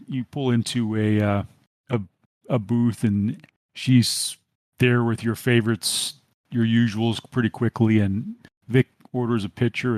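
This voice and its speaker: A man's voice: medium pitch, darkish tone, no room sound. A man narrating as game master, rambling with many fillers.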